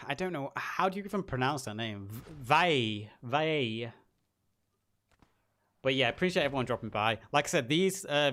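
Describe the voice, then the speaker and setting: A man's voice: medium pitch, a bit bright. A tired man, a caster rambling through a casual stream sign-off with self-deprecating jokes.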